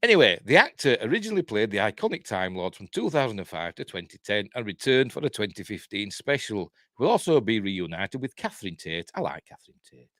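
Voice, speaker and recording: Rambling Yorkshire man, lively low voice. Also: fast, no room sound, clean studio sound. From Yorkshire, England. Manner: rambling, chatty, laughs a lot, reads out viewer comments. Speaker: host of a live news stream. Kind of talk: casual live-stream commentary.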